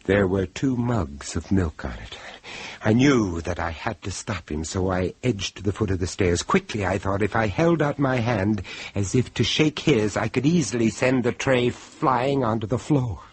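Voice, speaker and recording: A man's voice: lowish voice, expressive, moderate pace, husky. A man narrating and playing the hero of a 1970s radio horror drama in a theatrical, menacing storytelling manner. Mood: ominous. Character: suave middle-aged male narrator-hero. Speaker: host and narrator.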